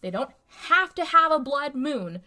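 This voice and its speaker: A woman's voice: high voice, big pitch swings, measured pace, sharp tone. Rambling casual woman recapping a movie. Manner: rambling, filler-heavy recapping with frequent "like" and "and stuff". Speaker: podcast co-host.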